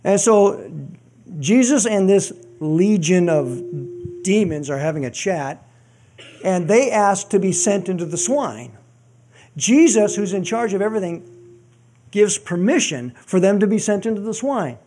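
A man's voice: sits high, animated, a little slow, dark tone. A man preaching a sermon in a conversational, joking way with frequent asides. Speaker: pastor.

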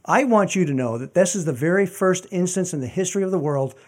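A man's voice: high-pitched, lively intonation, fast talker. A man preaching a sermon in a conversational, joking way with frequent asides. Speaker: pastor.

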